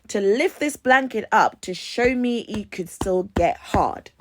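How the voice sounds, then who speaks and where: A woman spins a casual story at an unhurried pace and leans hard into acting out her own reactions. Her voice sits at a middle pitch, and she swears freely. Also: expressive. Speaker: vlogger telling dating stories.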